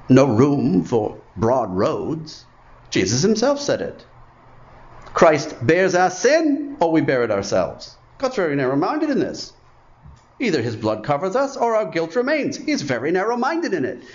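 Male preacher, animated pitch swings, emphatic repetition; dull lo-fi church recording. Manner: emphatic, repeats phrases for effect. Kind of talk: sermon. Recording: muffled, lo-fi sermon recording.

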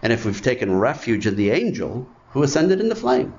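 A man's voice: mid-range voice, very animated, brisk, darkish tone. A man preaching a sermon in an emphatic way, repeating phrases for effect. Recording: muffled, lo-fi sermon recording.

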